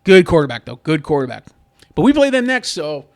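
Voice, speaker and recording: A man's voice: a little high, sing-song, brisk. A man venting in a casual sports vlog, rambling and frustrated, with many restarts. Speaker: sports fan vlogger.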